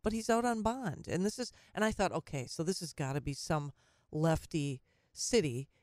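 Talk radio host, solo opinion segment: sarcastic, halting delivery with many restarts; dry, close studio sound. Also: medium pitch, lively intonation, no echo. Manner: sarcastic, with frequent stumbles and restarts.

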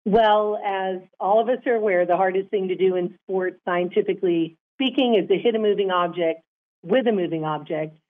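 A woman guest talking about her sport in a measured, upbeat, earnest way. Her voice sits at a middle pitch. She comes through a thin, phone-like line. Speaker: guest, former softball player. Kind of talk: interview answers.

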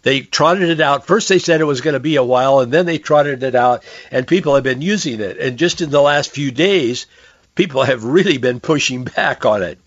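A hoarse man, hosting a talk radio show and giving earnest commentary on politics and faith. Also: mid-range voice, moderate pace, no echo, muffled recording. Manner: conversational, earnest, with frequent restarts. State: hoarse, losing his voice. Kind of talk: political and religious commentary monologue.

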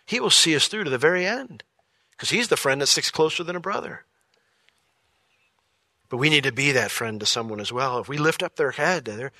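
A male pastor preaching a sermon with a lively, joking delivery, sometimes acting out voices. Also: fairly quick, long pauses, faint music behind. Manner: animated, jokey impressions with big pitch jumps.

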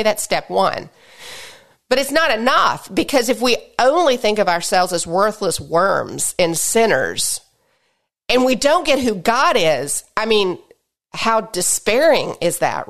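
A middle-aged woman with a congested voice leads a podcast Bible teaching. She talks in an earnest, exhorting manner, asking the listener direct questions. Her voice sits at an ordinary middle pitch.

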